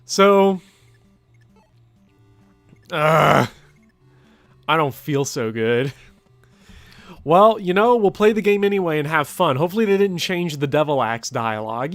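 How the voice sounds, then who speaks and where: A young man hosting a let's play, excitable and dramatic, often laughing as he reacts to the game. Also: on the high side, no room sound. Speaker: gaming channel host.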